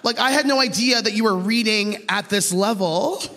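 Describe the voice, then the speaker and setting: A Canadian woman delivers a stand-up set with lively storytelling, slipping into the voices of people she quotes. Her voice carries a long reverb tail from the stage. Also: medium pitch, normal speed, noisy background. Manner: animated, acts out quoted voices, laughs through lines. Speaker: stand-up comedian. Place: comedy stage.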